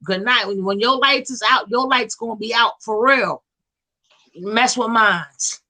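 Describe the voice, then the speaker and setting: A woman hosting a casual gossip livestream, animated and slangy, quick to laugh. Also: fairly high pitch. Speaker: livestream host.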